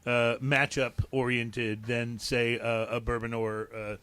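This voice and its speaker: A man with a medium-pitched voice hosts a laid-back tasting podcast, speaking with easy enthusiasm. His voice is recorded close and dry, with little room sound. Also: takes it slowly, clean tone, no room sound. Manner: relaxed, enthusiastic about cigars. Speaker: podcast host. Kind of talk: casual tasting talk.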